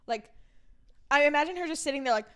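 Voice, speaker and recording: A woman's voice: high-pitched, animated, quick pace, fairly bright tone. A young woman co-hosting a podcast, recapping a book casually and acting out the characters' lines with lots of "like". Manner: storytelling, acting out dialogue with many "like"s. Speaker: podcast co-host.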